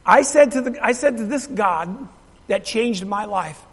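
A man's voice: high voice, lively intonation, a little slow, slightly rough. A middle-aged male pastor telling a story in a sermon, emphatic and repeating his phrases while asking the congregation questions. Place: church sanctuary. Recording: long reverb of a large hall.

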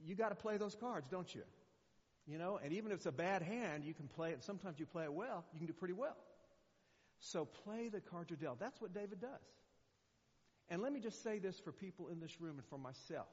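A man's voice: high-pitched, animated, a little fast. A man in his sixties preaching as a guest speaker in a conversational, rambling way, full of fillers and restarts. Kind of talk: sermon. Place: church hall. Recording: muffled echoey church recording.

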